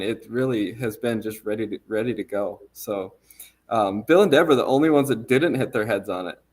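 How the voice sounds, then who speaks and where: A man casually walking a podcast audience through photos of a trailer, easygoing and rambling, with many ums and restarts. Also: medium pitch. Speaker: trailer company representative.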